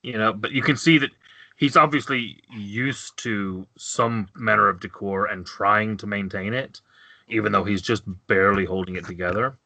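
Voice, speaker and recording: A lower-voiced man running a tabletop game, his narration halting and full of repeated words. The tone is bright and forceful, recorded dry and close. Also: fairly even intonation, gravelly, no room sound. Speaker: game master.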